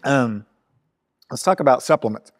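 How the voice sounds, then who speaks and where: Male host, casual and relaxed, rambling friendly questions. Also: mid-range voice, normal speed. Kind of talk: casual interview chat.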